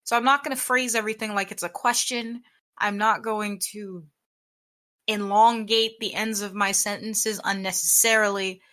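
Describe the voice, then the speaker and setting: A young woman co-hosting a casual podcast chat, her voice bright and edged. She talks bluntly, sounds exasperated with what she dislikes and swears freely. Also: mid-range voice, fairly even intonation, normal speed. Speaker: podcast co-host.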